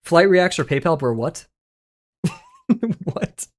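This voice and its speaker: Here the streamer speaks slowly, in a medium pitch, while excitedly chatting with viewers. Laughs come often, curses flow freely, and much of it responds to what chat says.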